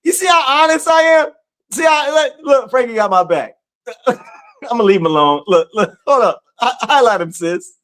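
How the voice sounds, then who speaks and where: A man hosting an online community chat, telling stories in a teasing, laughing, animated way. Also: very high voice, moderate pace. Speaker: community study host. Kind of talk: casual livestream chat.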